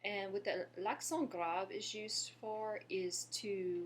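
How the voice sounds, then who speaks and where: A woman from Louisiana teaching a French lesson, patiently explaining and pausing to have listeners repeat after her. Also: medium pitch, steady tone, a little hiss or hum. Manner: patient, slows down to model pronunciation and asks viewers to repeat. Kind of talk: language lesson.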